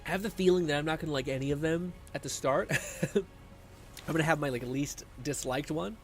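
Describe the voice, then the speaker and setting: A man's voice: on the high side, brisk. A man live-streaming a video game, chatting casually, swearing and laughing while he reads viewer comments. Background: game music.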